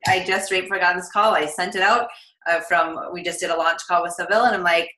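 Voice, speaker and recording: A woman's voice: lowish voice, fairly even intonation, fast, sharp tone, echoey room, rough recording. A woman leading a team call, giving upbeat, encouraging coaching answers. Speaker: team leader hosting a call.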